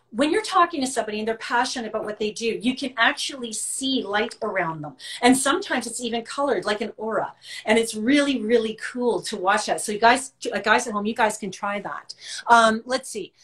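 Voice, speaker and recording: A woman's voice: fairly high pitch, animated, fairly quick. A woman psychic hosting a live-stream talk, reassuring her audience and reading out viewer comments. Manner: warm, reassuring, reads viewer comments aloud. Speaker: psychic and show host.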